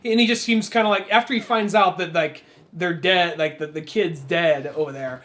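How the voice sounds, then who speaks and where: A man's voice: high-pitched, expressive, moderate pace, fairly bright tone. A man co-hosting a podcast, chatting casually about films, rambling with lots of fillers and acting out quoted lines. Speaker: podcast co-host. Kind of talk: casual film discussion.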